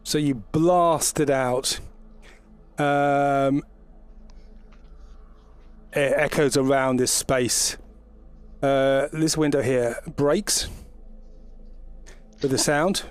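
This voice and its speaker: A man running an online tabletop game as game master, describing scenes with many pauses and ums. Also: mid-range voice, fairly even intonation, clear, resonant tone, faint music behind. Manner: hesitant, fills with ums while describing scenes. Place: home, remote online session.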